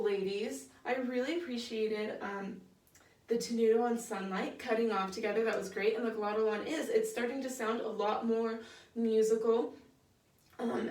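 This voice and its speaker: A woman's voice: fairly high pitch, normal speed, darkish tone. A young woman leading a women's choir rehearsal, patient and encouraging, with many fillers as she explains singing technique. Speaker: choir director. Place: rehearsal room. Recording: echoey room, voice from far off.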